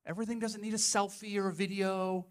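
A man's voice: high-pitched, flat delivery, quick pace, long reverb tail. A male pastor preaching a sermon in a conversational, emphatic way, full of asides to the congregation.

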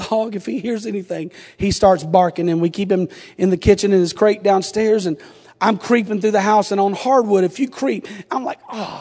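High-voiced preacher in a reverberant church. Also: male voice. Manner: humorous storytelling rising to fervent shouting. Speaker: pastor. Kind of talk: sermon with personal story. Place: church sanctuary. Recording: long reverb of a church sanctuary.

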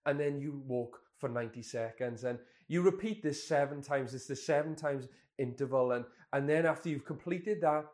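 A man's voice: mid-range voice, moderate pace, hardly any pauses, a little mellow. A man in his twenties, a pastor telling a candid, self-deprecating personal story in a sermon. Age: 20s.

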